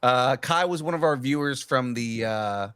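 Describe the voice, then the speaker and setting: A man hosting a casual podcast chat and reading news items, animated and laughing, stumbling on fillers. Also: mid-range voice, moderate pace, clean tone, dry recording, studio quality. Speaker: podcast host.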